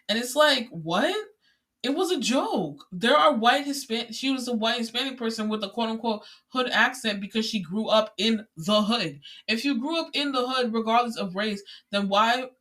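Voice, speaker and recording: A young adult host talks alone into a podcast mic in a loose, rambling way, piling up fillers and restarts. The tone turns exasperated and incredulous when ranting. The voice sits bright and forward at a middling pitch. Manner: chatty, rambling, many filler words. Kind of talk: casual solo podcast monologue.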